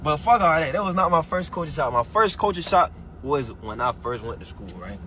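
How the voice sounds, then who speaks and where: Animated man telling a story. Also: a little high, a little fast, a little hiss or hum. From Nigeria. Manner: animated, profane, slangy. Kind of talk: casual storytelling to camera.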